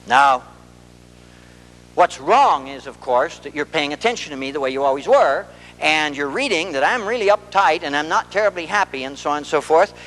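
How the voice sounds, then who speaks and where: A man's voice: fairly high pitch, normal speed, big-room sound, poor audio. A man who is a family therapist gives a public lecture, telling stories and acting out dialogue as he goes. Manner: animated storyteller who acts out dialogue. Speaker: marriage and family therapist giving a talk.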